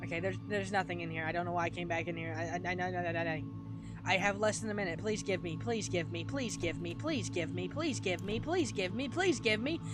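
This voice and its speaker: Over game music, a woman with a fairly low, fairly quick voice narrates her horror game let's play. Panicked, she laughs, screams, and keeps pleading over and over.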